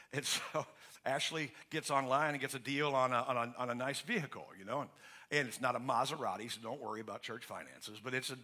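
A man preaching as pastor has a mid-range voice that sounds pushed and bright. He speaks emphatically yet conversationally, restarting often and having the congregation fill in the ends of his questions.

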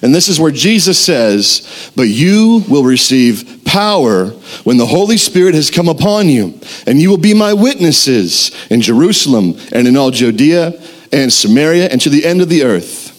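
A young man preaching a sermon as pastor, telling a story with lively acted-out quotes. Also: on the high side, normal speed. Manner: animated storytelling, acts out quotes.

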